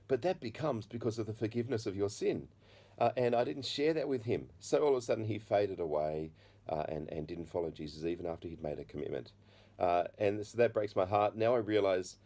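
A middle-aged man preaching, telling his own story in an earnest, halting way. His voice sits low and sounds warm and soft. He stops and restarts often, with plenty of fillers. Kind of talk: testimony sermon.

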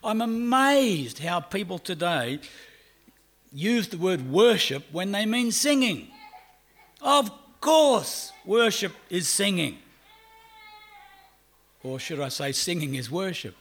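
A middle-aged man with an Australian accent preaching a sermon. He shifts between loud, drawn-out emphasis and quiet, fast asides. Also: high voice, expressive. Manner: acts out quoted people in brief voices.

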